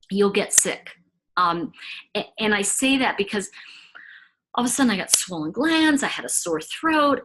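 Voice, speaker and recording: Husky, animated woman commentator. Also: medium pitch, rough recording. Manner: rambling, animated, self-interrupting. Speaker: true crime commentator. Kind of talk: casual monologue to camera.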